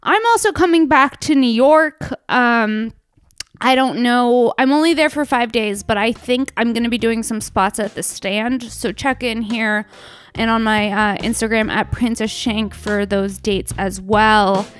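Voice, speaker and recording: A brash young woman comedian hosting her own show, talking in a playful, profane monologue. Her voice sits fairly high and comes through smooth and clear on a dry, close mic. She drops into hushed asides and then bursts out loud. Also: measured pace, no room sound.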